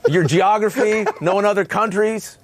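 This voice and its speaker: A man's voice: high-pitched, moderate pace, noisy background, natural voice. A man on a TV panel putting on a folksy rural male voter who scorns elites. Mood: mocking. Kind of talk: satirical TV panel banter.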